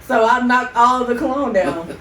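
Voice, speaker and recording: A woman co-hosting a podcast, telling stories with her partner in a lively way and laughing often. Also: fairly high pitch, moderate pace. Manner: animated storytelling with frequent laughter. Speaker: podcast co-host. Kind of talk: casual couple chat. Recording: roomy, distant mic, faint noise.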